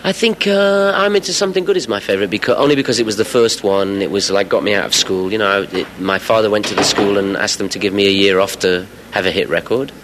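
A man's voice: lowish voice, fast talker, hardly any pauses, fairly bright tone, slight background noise, rough recording. A man in his forties from England, chatting as the guest in a radio interview, rambling with fillers and the odd laugh. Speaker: musician guest.

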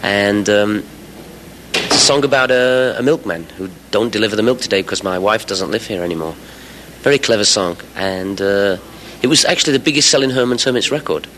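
Man from England, forties, lowish voice, rambling interview chat. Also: brisk, fairly bright tone, slight background noise, poor audio. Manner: chatty and rambling, with fillers and laughs. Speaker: musician guest. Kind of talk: casual radio interview.

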